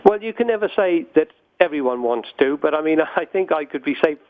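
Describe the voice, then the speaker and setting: A middle-aged man from the Falkland Islands speaks down a thin, tinny phone line, his voice sitting a bit high. He talks chattily as an interview guest, full of "you know" and false starts. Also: animated, fairly quick. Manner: chatty, many fillers and restarts. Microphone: telephone.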